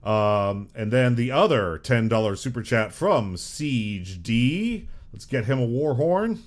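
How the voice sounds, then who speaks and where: A man's voice: mid-range voice, expressive, slow. A man hosting a live stream, reading out super chats and thanking supporters in an upbeat way.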